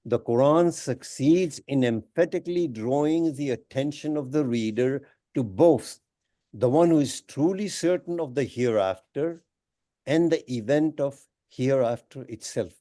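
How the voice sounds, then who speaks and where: Guy teaching a quran class, slow and deliberate, mellow low-key voice, mid pitch. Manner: measured, deliberate, with many pauses and emphatic phrases. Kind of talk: lecture explaining Arabic grammar of scripture. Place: Islamic center.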